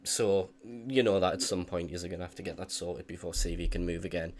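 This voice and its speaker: Young male dungeon master, lowish voice, laid-back and halting. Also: slight background noise. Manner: relaxed, hesitant narration, full of fillers. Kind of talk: narrating a tabletop game.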